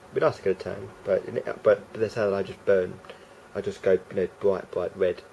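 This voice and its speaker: A man's voice: low-pitched, level tone, moderate pace, creaky, darkish tone, dull audio, a little hiss or hum. A man rambling through a casual vlog monologue, hesitant and full of restarts and fillers. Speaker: vlogger.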